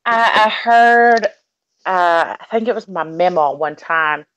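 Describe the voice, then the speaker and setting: A woman's voice: on the low side, slow, a bit bright, clean tone, low-quality recording. A woman from Texas with a Texan accent, chatting casually and telling stories with sweet, cutting sass. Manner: sassy storyteller, sweetly cutting. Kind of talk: casual chat.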